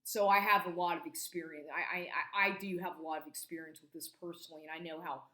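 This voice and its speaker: A woman's voice: fairly low pitch, steady tone, fast talker, pushed and bright. A woman in her forties giving an agitated monologue to camera, swearing constantly and stumbling over restarts. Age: 40s. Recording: echoey room recording.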